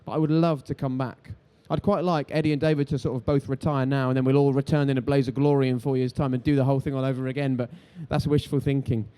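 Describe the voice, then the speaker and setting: A man, a TV presenter on a live stage telling animated stories and acting out the voices of people in them. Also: mid-range voice, smooth. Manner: animated, quick, acts out voices in his stories. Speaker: TV sports presenter, interviewed guest. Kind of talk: lively anecdotal storytelling on stage. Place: live event stage before an audience.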